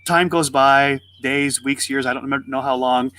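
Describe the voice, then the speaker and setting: A man on a faith podcast, telling a parable and acting out its voices with lively swings in his delivery. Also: medium pitch, normal speed. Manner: animated storyteller, acts out the voices in his story. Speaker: podcast co-host. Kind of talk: faith podcast conversation, storytelling.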